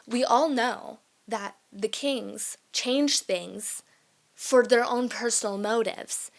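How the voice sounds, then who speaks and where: A woman's voice: on the high side, a little slow, vocal fry. A young adult woman ranting casually to camera as a vlogger, emphatic and easily sidetracked, laughing often as she wanders between topics. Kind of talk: casual rant monologue.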